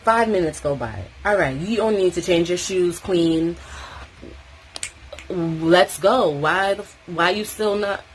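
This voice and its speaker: A young woman tells a story straight to the camera, chatty and animated, cursing freely and acting out the other people's lines. Her voice sits fairly low for a woman. A faint hiss runs under it. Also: slow, poor audio. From New York City. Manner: chatty, expressive, swears freely, acts out quotes. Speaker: vlogger. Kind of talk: casual storytime, get-ready-with-me.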